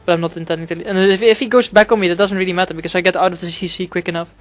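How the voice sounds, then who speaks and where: A man's voice: high voice, steady tone, rapid-fire, hardly any pauses, a bit bright, dry recording, faint music behind. A man giving casual gameplay commentary, rambling and swearing a lot, with frequent fillers and restarts. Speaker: gaming commentator.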